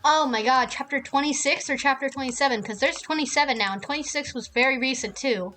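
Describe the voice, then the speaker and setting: A woman's voice: high voice, fast talker, pushed and bright, faint music behind. Profane, heated woman streamer. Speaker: game streamer. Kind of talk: casual ranting while streaming.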